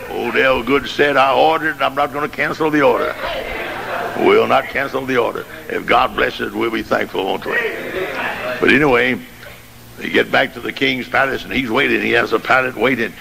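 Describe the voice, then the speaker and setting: A man preaching a sermon, telling a story dramatically and rising to shouted climaxes. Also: mid-range voice, moderate pace, vocal fry, crowd noise. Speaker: pastor. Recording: noisy old sermon tape.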